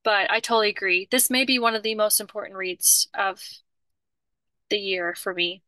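A woman's voice: mid-range voice, moderate pace, bright, forceful tone, smooth, no echo. A woman co-hosting a podcast in casual chat, talkative and often restarting her sentences. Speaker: podcast co-host.

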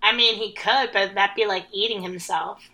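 Woman on a podcast, really bright sharp voice, blunt, says like a lot. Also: medium pitch, steady tone, moderate pace. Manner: blunt, chatty, peppered with "like". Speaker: podcast co-host. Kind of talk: crude casual banter.

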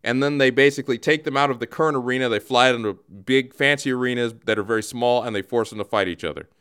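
A man hosting a comedic radio show, explaining things in a mock-solemn, deadpan way. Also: mid-range voice, fast talker, clear, resonant tone.

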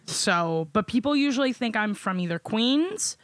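A woman's voice: on the high side, normal speed, no room sound, studio quality. A woman from New York City with a New York accent, a guest comedian chatting bluntly and profanely on a podcast. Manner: blunt, profane, animated storytelling. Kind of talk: casual podcast chat.

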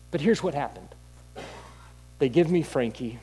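A man preaching a sermon in a candid, conversational storytelling way, with halting restarts. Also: medium pitch, expressive, dark tone, breathy edge, low-quality recording. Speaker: pastor.

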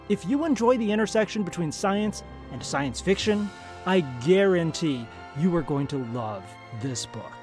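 Lively male podcast host. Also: high-pitched. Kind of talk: scripted outro, then casual interview.

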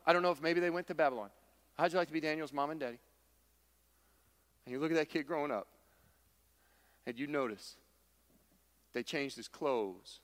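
Bright-voiced man preaching in a hall. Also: on the high side. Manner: emphatic, repetitive, folksy humor. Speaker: pastor. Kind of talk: sermon.

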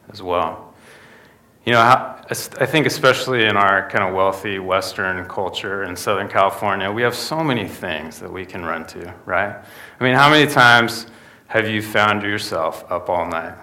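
A man's voice: on the low side, bright, forceful tone. A young man preaching a sermon in a conversational way, often tossing in rhetorical asides to the listeners. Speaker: pastor.

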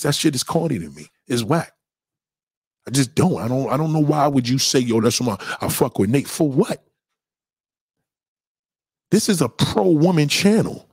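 A man's voice: a little high, animated, normal speed, long pauses, darkish tone, husky, no room sound, clean studio sound. A young adult man hosting a livestream, answering chat questions in a heated, repetitive, slangy, profane rant.

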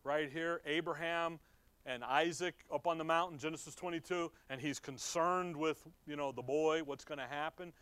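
A man's voice: on the high side, moderate pace, a bit bright, clear, resonant tone, dry recording. A middle-aged man teaching from the Bible in a conversational way, reading verses aloud and asking his listeners questions. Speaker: preacher.

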